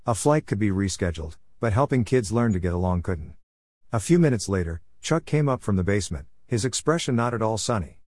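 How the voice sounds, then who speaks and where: A man with a fairly low voice tells a family story in the first person, steady and even. The sound is close and dry, with no room around it. It has the calm pace of a read storybook. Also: a little fast, dry recording. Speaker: audiobook narrator.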